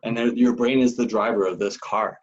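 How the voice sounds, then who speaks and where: A male podcast host with a husky, breathy voice asks his questions earnestly and speaks openly about himself. The audio sounds slightly dull. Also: medium pitch, steady tone, brisk. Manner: earnest, personal. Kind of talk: interview questions, casual chat.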